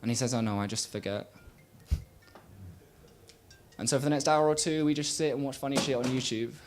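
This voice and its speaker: A young man performing a spoken word poem on a small stage, rhythmic, swinging from loud bursts to quiet murmurs. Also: mid-range voice, brisk, soft background music. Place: small live venue stage.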